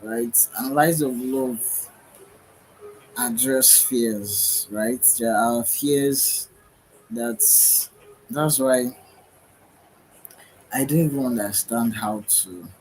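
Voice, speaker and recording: A rough recording with a slight hiss or hum catches a man of medium pitch talking very slowly, with long pauses. He's a weary livestream host, yawning as he wanders through a spiritual ramble, hunting for words and frequently asking "right?"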